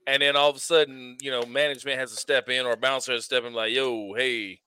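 A man's voice: medium pitch, flat delivery, rapid-fire, pushed and bright, clear, resonant tone, no echo. A man, a podcast co-host who talks slangy and keeps saying "bro". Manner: slangy, says "bro" a lot. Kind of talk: casual podcast chat.

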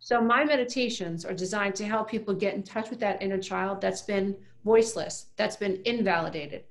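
Middle-aged woman, interview guest, emphatic and earnest, mid-pitched, repeats herself for emphasis. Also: normal speed. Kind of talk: casual interview talk.

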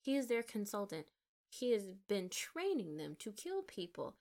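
A woman's voice: medium pitch, very animated, normal speed, a little mellow. A woman in a casual chat, animatedly retelling a movie's scenes and acting out the characters' lines. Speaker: podcast co-host.

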